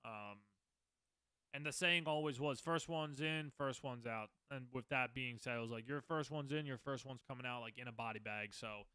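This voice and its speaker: A man's voice: medium pitch, normal speed, sharp tone, clear, resonant tone, no echo. A man in his twenties hosting a podcast, telling his own story in a rambling, candid, profane way. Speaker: podcast host. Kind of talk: casual storytelling.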